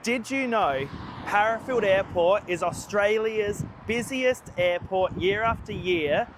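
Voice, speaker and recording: A man's voice: high voice, takes it slowly, very noisy. A tired man walking a long route and talking to the camera in a plain, self-mocking way, outdoors by roads. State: weary from walking. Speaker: vlogger on a long walk. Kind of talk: walking vlog talk to camera.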